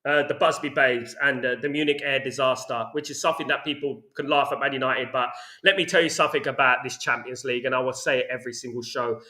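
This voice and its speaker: Animated football fan host, echoey room. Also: male voice, medium pitch, fast talker. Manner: animated, ranting, repeats "you know what I mean". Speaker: podcast host reading chat comments. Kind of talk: casual fan chat.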